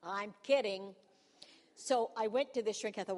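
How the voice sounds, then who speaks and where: A woman's voice: mid-range voice, normal speed, darkish tone. A woman in her sixties, a pastor's wife, telling a humorous personal testimony to a congregation in a self-mocking, storytelling manner, in a church hall.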